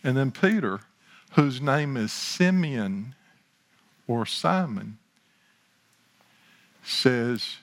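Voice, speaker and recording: A man preaching a sermon as pastor, building to slow, emphatic lines, with chatty asides and talk of himself in the third person. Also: medium pitch, lively intonation.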